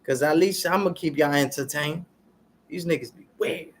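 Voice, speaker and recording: A fairly high-voiced man ranting to camera in heavy street slang. He talks preachy and loose, keeps checking in with his viewers, and gets loud and animated when he's fired up. A faint noise sits under his voice. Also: moderate pace. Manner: street slang, repeats "y'all" and "you understand what I'm saying". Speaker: vlogger. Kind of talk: casual ranting commentary to viewers.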